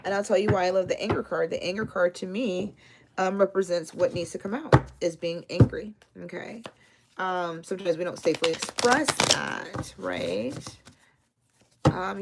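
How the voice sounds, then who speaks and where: A woman's voice: mid-range voice, very noisy. A woman giving live tarot readings, talking casually and affectionately to viewers, reading their names and answering their comments. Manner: casual, affectionate, uses slang and cussing. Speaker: tarot reader.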